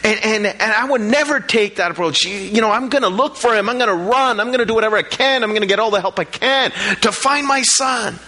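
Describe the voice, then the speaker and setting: A middle-aged man preaching a sermon, telling a personal story in an animated way, with frequent restarts. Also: high voice, a little fast, hardly any pauses. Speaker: pastor.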